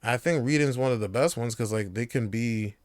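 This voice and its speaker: A man's voice: medium pitch, a little fast, a little mellow, dry recording. A young man hosting a casual solo podcast, loose and rambling, swearing freely. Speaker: podcast host.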